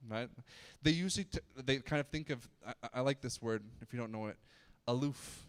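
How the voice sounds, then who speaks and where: A man's voice: medium pitch, expressive, a little fast, clear, resonant tone. A man giving a casual youth sermon, chatty and joking, with frequent restarts and stammers. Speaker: youth pastor. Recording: long hall reverb.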